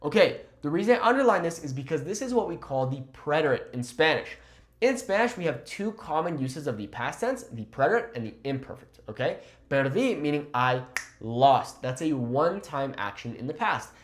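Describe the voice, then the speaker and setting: A young man gives a language lesson. His voice sits a little high and swings up and down as he explains each phrase and what it means. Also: moderate pace. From California. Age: 20s. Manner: lively explaining, switches between English and Spanish. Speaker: Spanish teacher.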